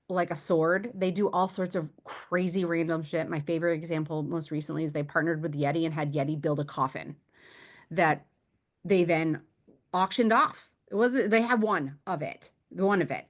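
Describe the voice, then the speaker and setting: A woman co-hosts a marketing podcast in a somewhat low voice. Her delivery is casual, lively and blunt.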